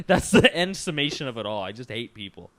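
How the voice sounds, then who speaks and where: A man's voice: mid-range voice, normal speed. A young man in his twenties co-hosting a podcast, ranting in casual chat and swearing freely. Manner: profane, ranting, animated. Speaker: podcast co-host.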